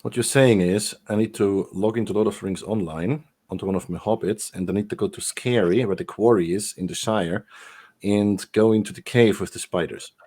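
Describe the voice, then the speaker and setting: A man's voice: lowish voice, a little fast, darkish tone, breathy edge. A man playing a tabletop game, joking and laughing easily. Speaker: player.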